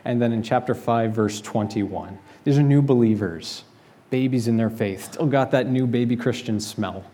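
Mellow-voiced male pastor preaching. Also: medium pitch, moderate pace. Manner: conversational, explanatory preaching with rhetorical questions. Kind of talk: sermon. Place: church sanctuary.

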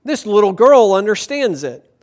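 High-voiced male pastor preaching. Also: big pitch swings, normal speed, darkish tone. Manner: asks the congregation rhetorical questions; tells anecdotes with light humor. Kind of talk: sermon.

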